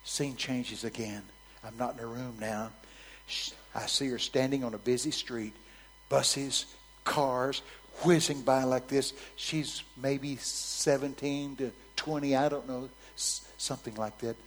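A man preaching a sermon, telling a story vividly in a frank, conversational way that swings from soft near-whispers to loud, emphatic bursts. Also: medium pitch, steady tone, unhurried, poor audio.

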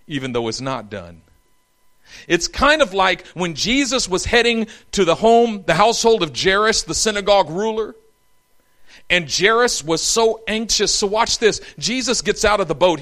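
A man preaching a sermon, telling the story in an animated, humorous way. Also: high voice.

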